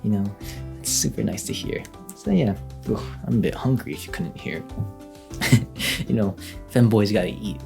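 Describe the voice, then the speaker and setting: A man's voice: fairly low pitch, expressive, normal speed, gravelly, long pauses, music in the background. Chatty young man telling a story. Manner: chatty, with frequent fillers and light laughs. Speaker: vlogger. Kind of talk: casual storytelling.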